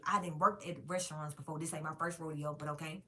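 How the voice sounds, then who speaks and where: A woman's voice: deep voice, fast talker. Profane woman ranting a story to viewers. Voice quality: frank, profane, animated storytelling. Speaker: vlogger telling a story.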